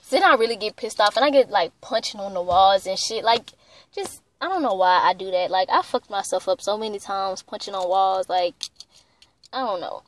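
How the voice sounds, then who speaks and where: A woman's voice: medium pitch, moderate pace. A young woman tells a heated, profane story in a casual vlog, full of "like". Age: young adult. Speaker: vlogger.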